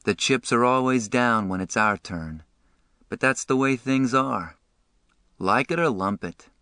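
A man voicing a wisecracking tough teenage boy from a street gang, blunt and full of rough slang, in a dry audiobook reading. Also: medium pitch, a little slow, pushed and bright, no echo. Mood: gruff.

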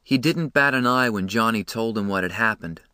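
A man narrating a novel in the first person, steady and storytelling. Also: fairly low pitch, normal speed, smooth, no echo, clean studio sound. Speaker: audiobook narrator.

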